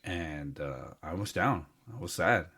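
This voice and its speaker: Deep-voiced man in heartfelt chat. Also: lively intonation, unhurried, bright, forceful tone, breathy edge. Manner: earnest, heartfelt, rambling with fillers. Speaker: podcast co-host. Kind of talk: casual chat.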